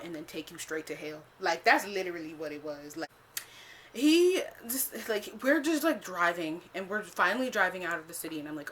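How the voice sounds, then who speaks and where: A young woman casually telling a storytime about a bad date, animated and profane, with lots of "like.". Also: medium pitch, moderate pace, a little hiss or hum. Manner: animated, profane, heavy use of "like".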